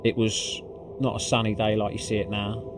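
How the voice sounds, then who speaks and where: A man's voice: on the low side, moderate pace. A man recapping a video game climb in casual commentary, swearing often and full of fillers. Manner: excitable and profane, swearing freely with lots of fillers. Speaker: gaming video creator. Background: background music.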